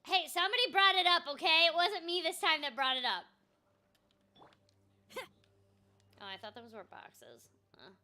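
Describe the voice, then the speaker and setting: A woman with a high, bright voice that bounces all over the place chats her way through a gameplay stream. She talks in an animated, scattered way, full of ums and self-mocking little asides. Her tone is lively and chatty. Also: moderate pace, pauses often. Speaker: voice actor streaming a video game. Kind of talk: casual gameplay chat.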